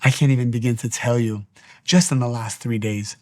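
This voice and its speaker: A man's voice: medium pitch, fairly even intonation, fairly quick, darkish tone. A man giving a spiritual teaching monologue, speaking earnestly and repeating his exhortations.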